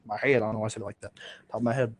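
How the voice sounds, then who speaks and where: A man's voice: fairly low pitch, level tone, racing, no echo. A young man co-hosting a casual podcast, rambling through school stories with lots of "like" and restarts. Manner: rambling, full of "like" and restarts, laughs often. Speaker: podcast co-host. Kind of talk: casual storytelling chat.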